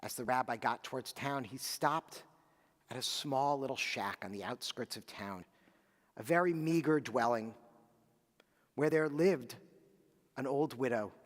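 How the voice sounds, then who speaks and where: A man leading Shabbat services, telling a story with animated asides to the children and reading names for remembrance. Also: mid-range voice, measured pace, long pauses, in a large hall. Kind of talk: storytelling sermon and liturgy.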